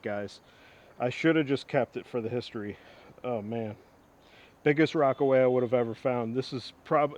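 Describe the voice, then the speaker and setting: A man's voice: mid-range voice, a little mellow, dull audio. A man hosting an axe restoration vlog, talking casually in a rambling, enthusiastic way with frequent asides. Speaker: host of an axe restoration channel. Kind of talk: casual show-and-tell vlog.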